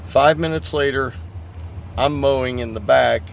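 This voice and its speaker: A man's voice: medium pitch, unhurried, vocal fry, slight background noise. A man who runs a lawn care business, telling a story casually to camera and talking straight to his viewers. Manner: chatty, addresses viewers as guys. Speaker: lawn care business owner and channel host.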